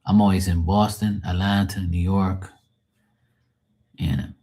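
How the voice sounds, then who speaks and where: A man's voice: sits low, level tone, a little slow, dark tone, husky. A Bermudian man hosting a live stream as a tarot reader, chatting loosely and jokingly and swearing freely. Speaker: livestream host and tarot reader. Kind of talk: casual live-stream chat. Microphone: phone.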